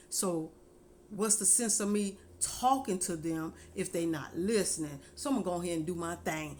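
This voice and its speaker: Middle aged lady giving folksy parenting advice, kinda low voice, earnest, says stuff twice. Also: a little mellow, slight background noise. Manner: earnest, folksy, repeats her points slowly. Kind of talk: casual heartfelt advice talk.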